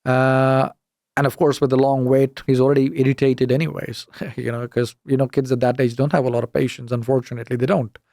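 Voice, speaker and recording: A middle-aged man from the UK, telling a story as a podcast guest, animated and indignant as he acts out the dialogue. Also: medium pitch, a little fast, gravelly, dry recording, clean studio sound. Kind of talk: casual storytelling interview.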